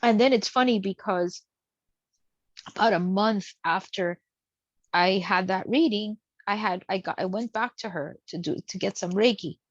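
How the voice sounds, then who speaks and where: A woman's voice: mid-range voice, normal speed, no echo. A woman casually telling a personal story in a chatty way, acting out the people she quotes. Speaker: guest sharing a spiritual experience. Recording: dull, dry lo-fi sound.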